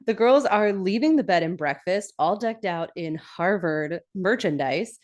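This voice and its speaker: On a laid-back podcast, a young woman with a mid-range voice recaps a TV episode, chatting easily and taking her time. She giggles a lot and gets animated, raising her voice whenever she acts out lines.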